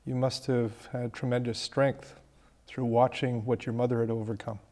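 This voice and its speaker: A man hosting an interview, asking deliberate questions at a measured pace. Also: medium pitch, little pitch movement, warm tone. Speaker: interview host. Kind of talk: interview questions and reading aloud.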